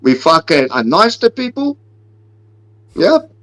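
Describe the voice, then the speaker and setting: A man's voice: fairly high pitch, big pitch swings, takes it slowly, a bit bright, poor audio. A man, co-hosting a casual podcast and joking through brash, swearing rants. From Australia. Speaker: podcast co-host.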